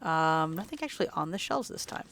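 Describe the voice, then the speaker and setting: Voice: mid-range voice, expressive, brisk, a bit bright, a little hiss or hum. A let's play host rambling in casual gameplay commentary, chatty and laughing often, sleepy and yawning late at night.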